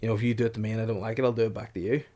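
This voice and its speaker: A man's voice: lowish voice, steady tone, very fast, dark tone. A man, co-hosting a casual comedy podcast and telling crude stories with frequent laughter. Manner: crude storytelling, laughs often. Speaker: podcast co-host.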